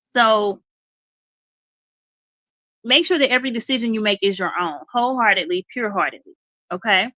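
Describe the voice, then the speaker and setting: A woman's voice: mid-range voice, moderate pace, long pauses, pushed and bright, dry recording, muffled recording. A woman hosting a live faith talk show, speaking conversationally, asking her listeners questions, reading points aloud and repeating key phrases like a preacher. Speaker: host.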